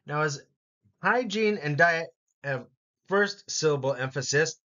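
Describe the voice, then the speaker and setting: A man teaching an English vocabulary lesson, saying each word slowly and clearly for learners to repeat. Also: on the high side, expressive, bright, forceful tone, muffled recording. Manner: slow, deliberate word-by-word pronunciation.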